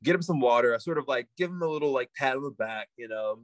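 A man, a podcast guest, telling a story casually in an animated, loose way full of asides. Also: medium pitch, fast, no room sound.

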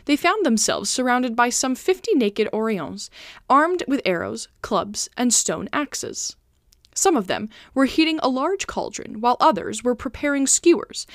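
Woman reading an old novella for her podcast, lots of pitch swings, dry close sound. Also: a little slow, no room sound. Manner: expressive, lively storytelling. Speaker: podcast reader.

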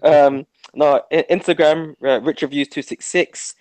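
A young man, co-hosting a casual podcast, talking in an excited and jokey way. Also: a little high, measured pace, no echo, low-quality recording. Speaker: podcast co-host.

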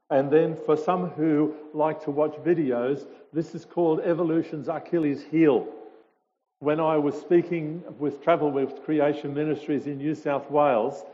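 A man's voice: a little high, warm tone. A man, a visiting speaker telling stories to a congregation in a chatty way with hesitations. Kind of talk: informal talk to a congregation. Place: church hall. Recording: dull lo-fi sound with a long hall reverb.

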